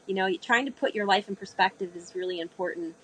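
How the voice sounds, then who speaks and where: A woman's voice: medium pitch, fast, breathy edge, low-quality recording. A woman guest in an interview, telling a vivid story and acting out the voices she quotes. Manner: animated storyteller, acts out quoted speech. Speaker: guest, sailor.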